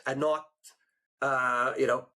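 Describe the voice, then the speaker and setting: A man hosting a podcast in casual chat, telling stories with lively acted-out quotes. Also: mid-range voice, slow. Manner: animated storyteller, acts out quotes. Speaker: podcast host.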